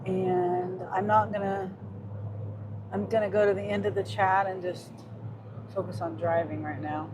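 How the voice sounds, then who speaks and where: Slow-talking woman livestreaming from her car. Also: medium pitch, flat delivery. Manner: reads viewer comments aloud while chatting. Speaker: delivery driver livestreaming. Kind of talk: casual live stream chat. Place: inside a car while driving. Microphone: phone mounted on the dash. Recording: noisy in-car phone recording.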